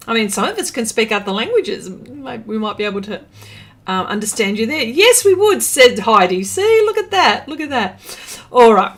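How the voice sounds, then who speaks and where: Woman artist, livestream host; unhurried, rambling, giggly; slightly high voice. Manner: chatty, rambling, laughs often, self-correcting. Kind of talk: casual livestream chat, reading out chat messages.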